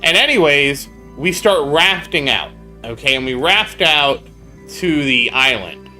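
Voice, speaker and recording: A man's voice: on the high side, lively intonation, a little slow, sharp tone, faint music behind. A man telling a rambling story on a casual game stream, breaking off to answer viewers in chat. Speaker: gaming streamer.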